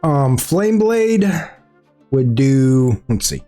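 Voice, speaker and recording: A man's voice: medium pitch, very animated, drawn-out words, dark tone, faint music behind. A man running a tabletop game as game master, narrating playfully and laughing often.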